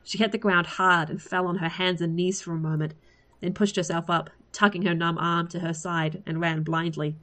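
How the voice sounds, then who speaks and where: A woman reading a fantasy story aloud in a lively way. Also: lowish voice, moderate pace, hardly any pauses. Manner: lively, laughs at the story between passages. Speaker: story reader.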